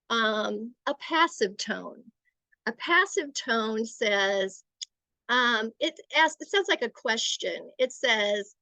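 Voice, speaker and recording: A middle-aged woman giving a gentle, explanatory talk to parents, sometimes acting out the phrases she uses as examples. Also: a little high, no room sound, poor audio. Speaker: parenting educator.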